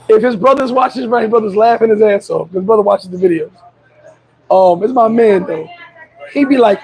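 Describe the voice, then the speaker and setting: A man's voice: high voice, moderate pace, pauses often, darkish tone, breathy edge, poor audio. A man vlogging outdoors, chatting casually, joking and telling stories to his viewers. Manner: joking, storytelling, laughs often. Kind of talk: casual street vlog chat. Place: outdoors on a street.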